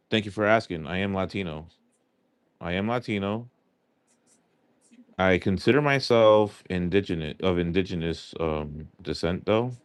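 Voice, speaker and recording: New york guy rambling to chat on his stream, lowish voice, kinda rough around the edges. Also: no echo. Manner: chatty, answers chat aloud, loose and rambling. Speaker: livestream host. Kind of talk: casual live chat with viewers.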